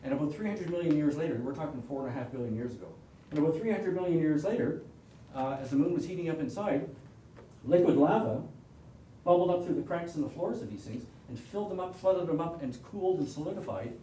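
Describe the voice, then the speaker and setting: Fast and lively, with a mellow, slightly high voice, a Canadian man walks an astronomy club through a hands-on presentation, rambling, joking and frequently starting sentences over. The mic catches him from afar in an echoing meeting room, with faint hiss underneath.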